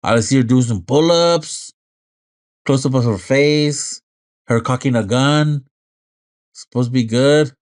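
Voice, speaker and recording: A man's voice: medium pitch, slow pace, pauses often. A young man co-hosting a podcast, laid-back and teasing, often tacking "man" onto his sentences. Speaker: podcast co-host. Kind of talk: casual chat.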